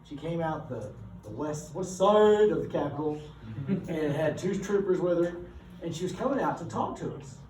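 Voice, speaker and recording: A man, a teacher telling animated, rambling anecdotes to his class with frequent self-corrections. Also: on the high side, normal speed. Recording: echoey room, distant mic, background noise.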